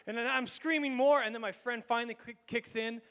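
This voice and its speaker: Animated high-voiced pastor in a reverberant hall. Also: male voice, a little fast, clear, resonant tone. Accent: Canadian. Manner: animated, laughing storyteller with many restarts. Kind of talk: storytelling sermon. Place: church sanctuary.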